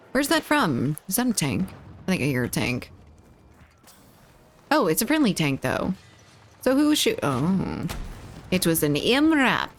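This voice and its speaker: A woman's voice: mid-range voice, slight background noise. A woman live-streaming a shooter game, chatting playfully with her chat, reading messages aloud and teasing viewers. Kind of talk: casual live-stream chat while gaming.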